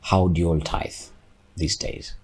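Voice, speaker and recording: A man's voice: low voice, level tone, a little slow, a little mellow, slight background noise. A man, reflecting aloud in a casual podcast chat and often repeating words as he thinks. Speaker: podcast co-host.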